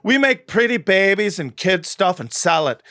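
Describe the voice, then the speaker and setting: A man voicing a middle-aged woman knitter, reading her message in a put-on Derry accent with a high, chirpy voice. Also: animated, normal speed, bright, forceful tone, no echo, studio quality.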